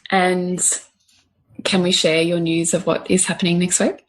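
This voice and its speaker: A woman hosting a podcast, asking gentle, probing questions of her guest. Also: lowish voice, level tone, a little slow. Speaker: podcast host. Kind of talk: interview questions.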